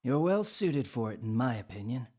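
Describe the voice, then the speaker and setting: A woman voicing a composed female commanding officer who speaks in a cool, businesslike, low tone. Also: sing-song, normal speed, mellow, slightly rough, heavily acted. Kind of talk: reading a game story aloud.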